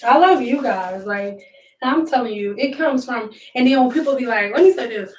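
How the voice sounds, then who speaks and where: A woman's voice: a little high, lively intonation, normal speed, darkish tone, recorded from a distance, slight background noise. Emphatic woman preaching at her camera. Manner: emphatic, preachy, repeats herself, cusses. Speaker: beauty vlogger. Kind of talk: casual motivational talk to viewers. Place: room at home, indoors. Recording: echoey room, voice off-mic.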